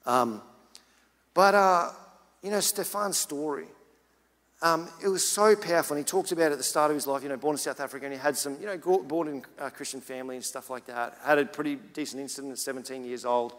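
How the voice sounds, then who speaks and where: Speaking briskly in a high, bright voice, a pastor delivers a sermon, telling a story in a relaxed, chatty way before pressing his point with rising urgency. His casual preaching rings out with a long reverb, as in a church hall.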